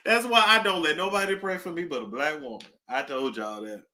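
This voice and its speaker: A woman hosting a casual celebrity gossip talk, animated, with nervous laughter and dramatic gasps. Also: deep voice, normal speed.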